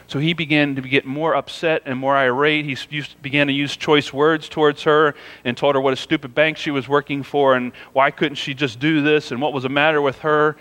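A man's voice: fairly high pitch, steady tone, a little fast, few pauses, fairly bright tone, big-room sound. A man preaching a sermon in a conversational, storytelling way, often saying "you know" as he goes. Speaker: pastor.

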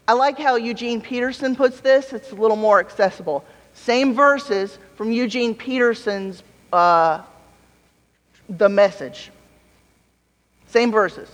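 A man's voice: very high voice, animated, takes it slowly, fairly bright tone. A man preaching a sermon in a conversational way, mixing playful asides with scripture read aloud. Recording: long reverb of a large hall.

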